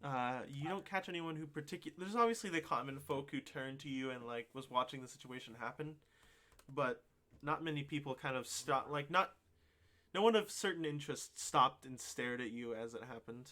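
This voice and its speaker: A man narrating as game master of a tabletop game, pausing often with ums and uhs. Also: medium pitch, pushed and bright. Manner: hesitant, lots of ums and uhs.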